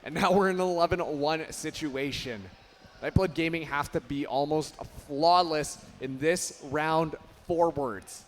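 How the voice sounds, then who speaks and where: A man casting a live esports match with energetic play-by-play that rises to shouts on big plays. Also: on the high side, unhurried, a little hiss or hum. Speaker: esports caster.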